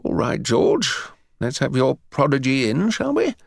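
A man's voice: medium pitch, huge pitch swings, unhurried, gravelly, dry recording, studio quality, exaggerated voice. A man voicing an older, pompous male headmaster with a haughty, condescending drawl.

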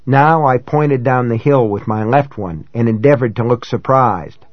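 A man reading a novel aloud in first person, in a measured, dramatic way that rises for shouted dialogue. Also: mid-range voice, no echo, dull audio. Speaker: audiobook narrator. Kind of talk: scripted first-person narration.

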